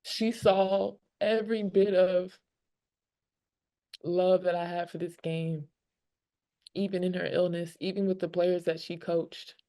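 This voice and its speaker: A woman with a low, gravelly voice and a dark, mellow tone. She answers press questions openly and with emotion, close to tears. She trails off into plenty of fillers. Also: little pitch movement, a little slow, long pauses. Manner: candid, rambling with many fillers. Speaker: pro basketball player.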